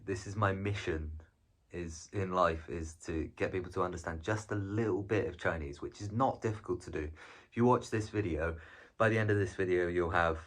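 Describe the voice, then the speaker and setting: A man presenting a casual, chatty language lesson on video, rambling a little with frequent ums and restarts. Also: deep voice. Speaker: video presenter teaching Chinese.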